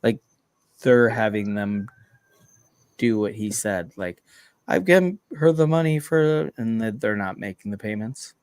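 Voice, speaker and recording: A man's voice: on the low side, unhurried, a little mellow, dry recording. A man co-hosting a podcast, reasoning through a story in casual talk and playing devil's advocate. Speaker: podcast co-host. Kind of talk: casual conversation.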